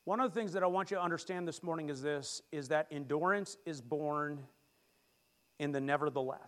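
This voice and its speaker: A middle-aged man preaches in a church with a high, bright voice. He keeps the sermon lively, jokes with the congregation and leads them in call-and-response. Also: brisk. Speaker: pastor. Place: church sanctuary.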